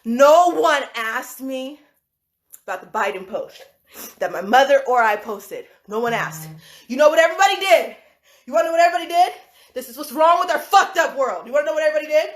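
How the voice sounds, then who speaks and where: High-voiced woman ranting on a livestream. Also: a little fast, reverberant. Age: adult with school-age children. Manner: animated, laughing often, swearing. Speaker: livestream host. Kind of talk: casual livestream rant.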